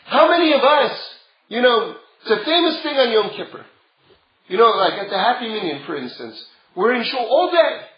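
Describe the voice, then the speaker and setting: High-voiced man teaching a Torah class. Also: big pitch swings, moderate pace. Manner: conversational, builds to emphatic. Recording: roomy, dull lo-fi sound.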